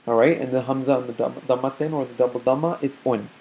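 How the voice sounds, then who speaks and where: A man teaching beginners to read over slides in a recorded online lecture, explaining step by step, sounding out letters slowly and often checking in with "okay?". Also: medium pitch, steady tone, warm tone, slight background noise. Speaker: Arabic reading teacher.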